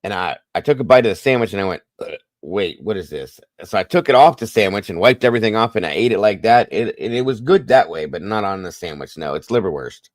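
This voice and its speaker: Folksy male livestream host, low voice, dry close mic, casual swearing storyteller. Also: lively intonation, fast talker, few pauses, dry recording.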